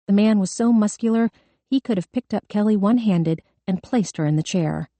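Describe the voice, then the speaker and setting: A woman narrating an audiobook thriller in a measured, tense storytelling manner. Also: medium pitch, mellow, no room sound. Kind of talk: scripted narration.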